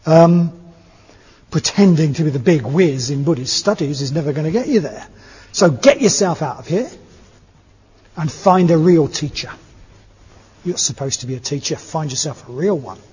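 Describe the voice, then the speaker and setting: A man's voice: fairly high pitch, lively intonation, normal speed, pauses often, a little mellow, husky. A man voicing a blunt, scolding old hag spirit in a told story. It is recorded in an echoey hall with dull, lo-fi sound.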